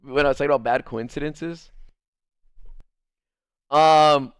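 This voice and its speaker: A fairly high-voiced man spinning a story off the cuff, swearing freely and jumping into quoted voices as he goes. The sound is close and dry, with no room heard. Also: a little slow, clear, resonant tone, dry recording. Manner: swears a lot, tells the story with lively re-enacted quotes; laughs easily while telling the story. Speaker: streamer. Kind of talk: casual storytelling.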